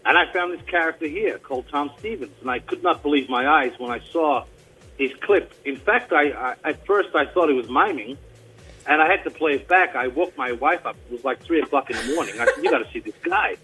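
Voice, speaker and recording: A man from Australia, a tribute performer, telling a story in a casual radio interview, with an animated delivery full of restarts and a mild Australian accent. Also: on the high side, fairly quick, breathy edge, faint music behind, poor audio. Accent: mild Australian, mostly hidden.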